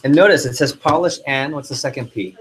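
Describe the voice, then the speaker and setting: A man's voice: mid-range voice, fairly quick, poor audio. Emphatic male sales trainer. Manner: emphatic, repeats key words, call-and-response with trainees. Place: training room.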